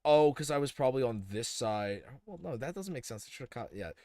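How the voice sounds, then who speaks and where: A man's voice: mid-range voice, lively intonation, brisk, dark tone, dry recording, studio quality. A young man casually thinking aloud as he streams a building game, rambling with many fillers and restarts. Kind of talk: casual live-stream commentary while building.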